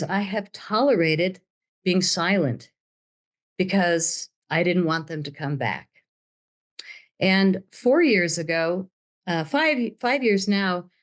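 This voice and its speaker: An older woman telling her story as an interview guest, dramatic and acting out the voices of others. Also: fairly low pitch. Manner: dramatic, acts out quoted voices.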